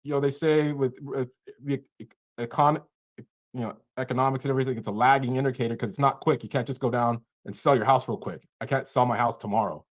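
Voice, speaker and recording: A man giving casual coaching feedback on cold calls over a video call, animated and acting out short lines of callers and sellers. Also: mid-range voice, fast talker, muffled recording.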